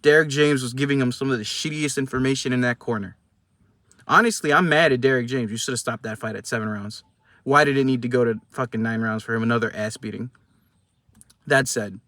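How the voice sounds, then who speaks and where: A man's voice: medium pitch, a bit bright, no echo, studio quality. A young man giving heated, profane post-fight boxing commentary in a casual vlog. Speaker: boxing vlogger.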